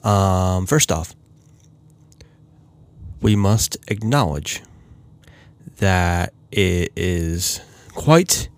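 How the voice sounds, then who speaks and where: A man's voice: fairly low pitch, a little mellow, smooth. A man hosting a casual solo hockey talk, rambling with many fillers and restarts. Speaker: hockey podcast host.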